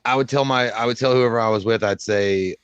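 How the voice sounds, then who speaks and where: A man's voice: mid-range voice, a little fast, smooth, no echo, lo-fi sound. A young man co-hosting a casual podcast, joking and putting on other people's voices, with frequent swearing. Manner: joking, mimicking people, profane. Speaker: co-host. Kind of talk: casual podcast chat reacting to a trailer.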